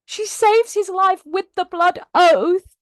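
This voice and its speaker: A woman's voice: extremely high pitch, slow pace, no echo. A woman book vlogger giving a casual, emotional and gushing plot recap. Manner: emotional, gushing and animated retelling.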